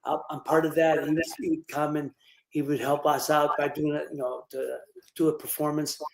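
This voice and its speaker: An older man with a high-pitched voice, telling long stories in a live interview. He rambles, restarts sentences and fills gaps with "um" and "you know." The room gives his voice a noticeable echo. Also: flat delivery, normal speed, gravelly. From Ohio, USA. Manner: rambling, full of fillers and restarts. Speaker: interview guest, former boxer.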